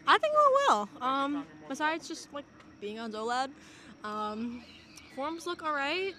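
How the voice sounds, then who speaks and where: A young woman who is a first-time section leader, rambling eagerly through what she is excited about. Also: high voice, measured pace, noisy background. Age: young adult.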